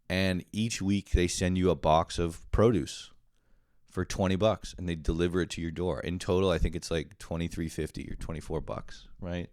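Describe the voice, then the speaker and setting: This deep-voiced podcast host rambles through a casual, profane monologue packed with fillers. The recording is studio quality, with no room sound.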